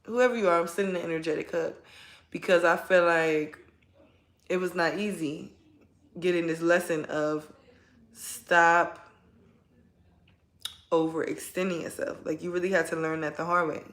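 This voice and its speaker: A woman's voice: fairly low pitch, fairly even intonation, moderate pace, pauses often, fairly bright tone, roomy sound. A woman giving a casual tarot reading from home, talking straight to her viewers in a chatty, heartfelt way. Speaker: tarot reader. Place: at home, kids nearby.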